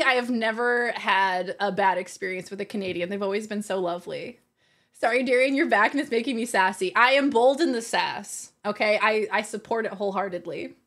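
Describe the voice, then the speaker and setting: A woman's voice: on the high side, a bit bright. A woman livestreamer in casual chat, reading her viewers' messages aloud and laughing often.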